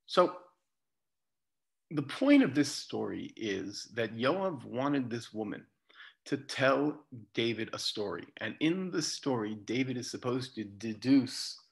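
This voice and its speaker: A man's voice: mid-range voice, lively intonation, slow, gravelly, a bit bright, breathy edge. A man who is a rabbi, giving a conversational lecture that retells a bible story and quotes its figures. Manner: conversational, with restarts and quoted speech. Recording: dull lo-fi lecture recording.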